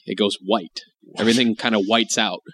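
A man co-hosting a podcast in casual chat, sick with a head cold and a bit raspy, rambling with lots of fillers and restarts. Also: steady tone, a little fast, a bit bright, no room sound. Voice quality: slightly deep and raspy from the cold. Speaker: podcast co-host.

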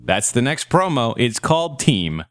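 A man's voice: mid-range voice, very animated, a little slow, a bit bright, no echo. A man hosting a podcast, joking crudely and laughing through casual comedic banter. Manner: crude, giggly, riffing. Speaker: podcast host.

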